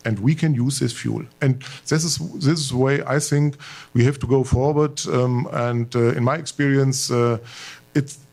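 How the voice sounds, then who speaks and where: A man's voice: mid-range voice, fairly even intonation, normal speed, darkish tone. Hesitant man speaking with frequent fillers. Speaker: military panelist. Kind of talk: conference panel talk.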